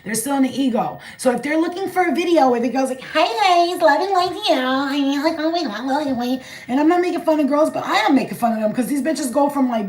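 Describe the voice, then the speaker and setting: Blunt New York woman, higher voice. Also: echoey room, poor audio. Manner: blunt, profane, animated. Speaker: spiritual channeler. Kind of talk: casual vlog channeling message.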